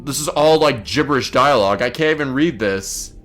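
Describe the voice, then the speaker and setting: Over game music, a let's play gamer gives commentary to his viewers, getting flustered and swearing constantly. He talks briskly in a mid-range voice with a fairly bright tone.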